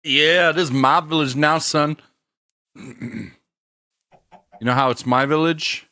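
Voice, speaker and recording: Bright laid-back middle-aged man streaming. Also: a little high, slow pace, no echo. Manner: laid-back slangy, laughs a lot. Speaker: game streamer. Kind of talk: casual live-stream chat.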